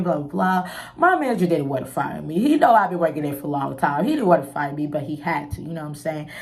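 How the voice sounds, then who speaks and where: A woman's voice: sits low, gravelly, darkish tone. A young woman telling a personal story in a casual vlog, candid and emotional, full of slang and asides to her viewers. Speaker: vlogger.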